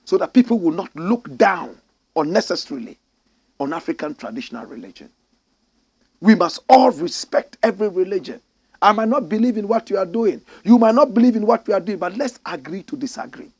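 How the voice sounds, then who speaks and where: A man's voice: sits high, husky, dry recording. A man with a Ghanaian accent giving opinionated, sarcastic news commentary, reading stories aloud and jabbing at their subjects.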